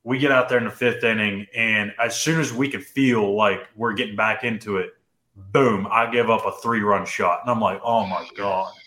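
A young man co-hosting a podcast, telling a personal story in casual chat, animated and full of "dude" and "like". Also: lowish voice, normal speed, reverberant. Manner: animated, says "dude" and "like" often. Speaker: podcast co-host.

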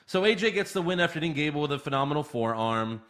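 Blunt, bright-voiced male podcast host. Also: a little high, animated. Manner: blunt, profane, recaps with quick jokes. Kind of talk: casual wrestling recap chat.

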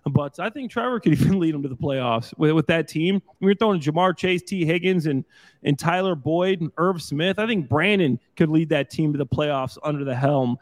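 A man who used to play pro football, eagerly giving his betting picks as a panelist on a sports talk show. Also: a little high. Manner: enthusiastic, rapid picks. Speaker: former football player, panelist.

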